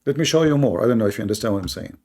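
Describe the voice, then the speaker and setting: A man's voice: fairly low pitch, expressive, racing, darkish tone. A man in a live online debate, combative and scornful, repeating points for emphasis in non-native English.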